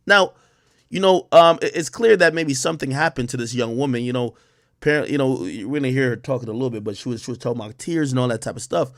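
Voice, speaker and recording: Man, lively pitch swings, rather high, emphatic commentary, dry close sound. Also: no room sound. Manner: emphatic, rhetorical, talks through pauses with fillers. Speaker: commentator reading messages. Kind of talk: reaction commentary.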